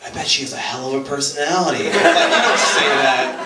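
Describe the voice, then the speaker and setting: Male stand-up comic with a lively pitch and a deadpan delivery, recorded in a roomy club from a distance. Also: fairly quick, over a noisy crowd, heavy background noise. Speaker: stand-up comedian. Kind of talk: stand-up routine. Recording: echoey club room, mic heard from a distance. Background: audience laughing.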